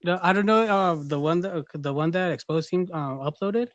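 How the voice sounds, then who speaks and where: A man's voice: fairly high pitch, brisk, dry recording, muffled recording. A man chatting casually on a live stream, rambling with lots of fillers and laughing through his stories. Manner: rambling with many fillers and acted-out gasps. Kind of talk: casual chat.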